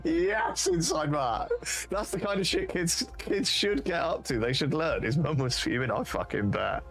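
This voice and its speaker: On a live stream, a man with a British accent rambles through sweary anecdotes, laughing at his own stories in a casual way. His voice is a little high and a bit bright, with lively intonation and a measured pace.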